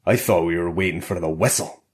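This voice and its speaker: A male narrator voicing a tough older male ex-soldier prisoner with a Scottish accent, gruff and grunting. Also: sits low, brisk. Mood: defiant.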